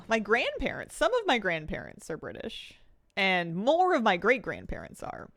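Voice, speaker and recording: A woman's voice: medium pitch, wildly swooping pitch, normal speed, gravelly, a bit bright, dry recording. A young Canadian woman streaming, chatting casually and giggling while she reads her chat aloud.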